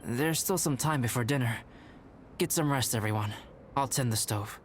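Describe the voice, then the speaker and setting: A man voicing a calm, polite young alchemist in a video game, soft-spoken and measured. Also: medium pitch, slight background noise, close to an everyday voice. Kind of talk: game voice acting.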